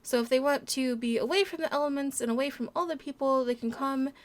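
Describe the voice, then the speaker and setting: Bubbly, giggly high-voiced woman. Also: fast, noisy background. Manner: bubbly and giggly, cooing over animals. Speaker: let's play host. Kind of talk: casual gameplay commentary.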